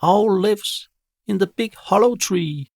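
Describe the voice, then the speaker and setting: A man's voice: sits high, slow pace, creaky, a little mellow, no room sound, studio quality, pitched above the performer's own voice, heavily acted. A man voicing a pair of helpful, cooing pigeons in a storybook. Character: two chattering pigeons, helpful.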